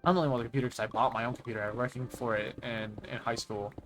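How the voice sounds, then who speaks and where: A man's voice: mid-range voice, steady tone, rapid-fire, music in the background. A young man streamer in casual chat, ranting in exasperation and swearing freely as he mimics the people he talks about.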